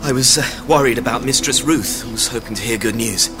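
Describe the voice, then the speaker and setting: An actor playing a loyal, apologetic servant speaking politely and hesitantly. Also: male voice, mid-range voice, brisk, over music, close to an everyday voice.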